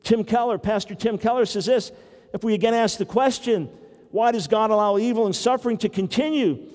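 High-voiced older man preaching. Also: a little mellow, in a large hall. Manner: earnest, with wry humor and acted-out quotes. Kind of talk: sermon teaching.

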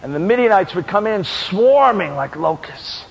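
High-voiced man preaching in a reverberant hall. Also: lively intonation, moderate pace, hardly any pauses, breathy edge. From New York. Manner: impassioned, building to shouted rhetorical questions. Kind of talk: sermon.

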